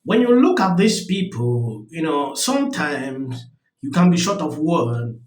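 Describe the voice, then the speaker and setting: A man's voice: a little high, sing-song, unhurried, echoey room, low-quality recording. A man hosting a reaction commentary channel, speaking emphatically and with disbelief.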